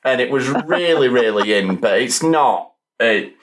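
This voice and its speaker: A man's voice: medium pitch, lively intonation, unhurried, a little hiss or hum. A man, hosting a casual podcast roundtable and rambling with dry asides.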